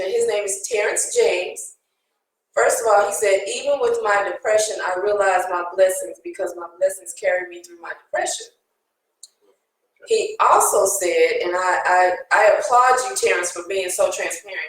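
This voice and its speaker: Woman panelist, mid pitch, earnest and emotional, recorded in a very echoey room. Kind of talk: casual panel discussion.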